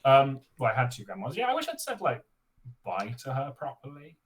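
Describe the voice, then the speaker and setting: A man's voice: mid-range voice, wildly swooping pitch, fairly quick. A man in a casual chat, rambling and hesitant, with wry asides. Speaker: podcast co-host.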